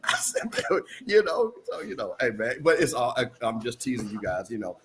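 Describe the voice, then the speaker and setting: A man's voice: mid-range voice, big pitch swings, fairly quick, fairly bright tone, a little hiss or hum. A man hosting a sports talk show, teasing his co-hosts and laughing through a rambling sign-off. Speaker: show host. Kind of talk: casual sign-off banter.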